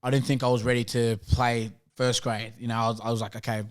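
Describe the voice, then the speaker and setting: A man's voice: mid-range voice, fast talker, clean tone. Laid-back Australian man telling a footy story. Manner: animated, laughing, acts out quoted dialogue. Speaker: podcast guest, rugby league player. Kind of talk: casual storytelling chat.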